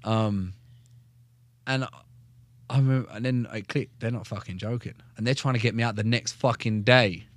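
Chatting casually on a podcast, a young former soldier spins his story in an animated, blunt way, heavy on the swearing. He has a lowish voice and a moderate pace.

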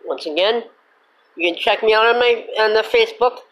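Woman host, higher voice, indignant rant with repeated complaints and the odd cuss word. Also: a little fast, lo-fi sound. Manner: indignant, cusses and then apologizes; repetitive, emphatic complaining. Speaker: host of her own show. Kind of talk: angry rant.

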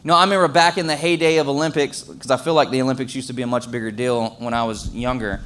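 A man's voice: mid-range voice, steady tone, fast talker, fairly bright tone. A young man preaching a casual, conversational sermon as a pastor, full of fillers and acted-out quotes.

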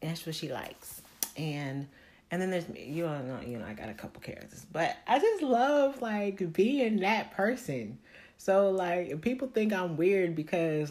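Woman vlogger, candid and foul-mouthed, slow rambling delivery with sudden high excited bursts. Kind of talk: casual motivational monologue.

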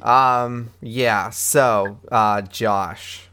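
A man's voice: fairly low pitch, steady tone, drawn-out words, pushed and bright, smooth. A man hosting and editing a casual podcast, joking playfully with his co-hosts. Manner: playful, jokey, laughs easily. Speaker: podcast host and editor.

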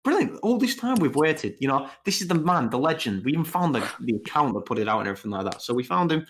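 A man's voice: medium pitch, big pitch swings, quick pace, fairly bright tone, a little hiss or hum. A young man in his twenties co-hosting a podcast, chatting casually and rambling with lots of hesitations. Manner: rambling, hesitant, many "you know"s. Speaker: podcast co-host. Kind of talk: casual chat.

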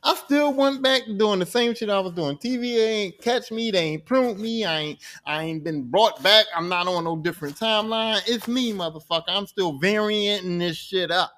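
A man voicing a blunt, foul-mouthed young woman who refuses to back down, in a somewhat louder, slightly raised voice. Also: high-pitched, normal speed, few pauses. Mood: defiant. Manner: blunt, cursing, defiant.

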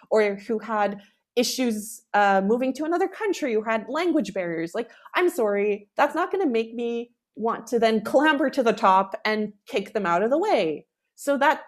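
Woman, composer being interviewed, higher-pitched, animated, worked up. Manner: animated, acts out quoted callers. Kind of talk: conversational interview.

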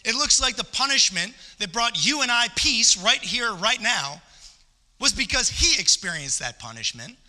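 A high-pitched, bright male preacher delivers an impassioned sermon in a church sanctuary, building to emphatic peaks and repeating phrases. Long reverb from the church hall fills the recording.

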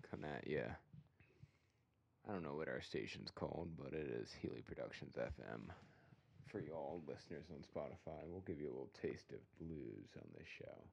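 A man with a very low, gravelly voice hosts a podcast like an old-time radio DJ. He rambles loosely and corrects himself mid-sentence, in easy casual chat. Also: lively intonation, fairly quick. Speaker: podcast host playing songs.

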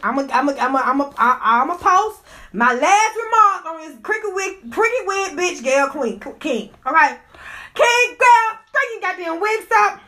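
Super high-voiced woman doing a gossip livestream on her phone, cussing, laughing, sharp bright tone. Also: very animated, normal speed. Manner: profane, fired-up ranting, laughs often. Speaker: livestream host. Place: indoors.

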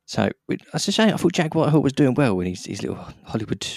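A man hosting a podcast, with a mid-pitched voice and a jokey, teasing manner. His voice sits close to the mic in a dry, dead room. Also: big pitch swings, fast talker, vocal fry, a little mellow, slightly rough, dry recording. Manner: teasing, jokey banter with frequent laughs. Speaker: podcast host. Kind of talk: casual podcast chat and scripted outro.

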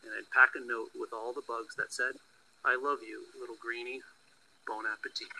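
A man reading a gentle loving mother. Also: medium pitch, flat delivery, moderate pace, creaky, heavily acted, poor audio. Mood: tender. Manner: soft, tender answers. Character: gentle, loving mother soothing her child.

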